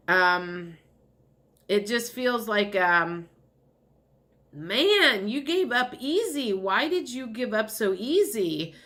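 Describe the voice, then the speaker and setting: A woman's voice: a little high, lively intonation, takes it slowly, fairly bright tone. A woman giving a casual spoken tarot reading, rambling and chatty with many fillers and light laughs. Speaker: tarot reader.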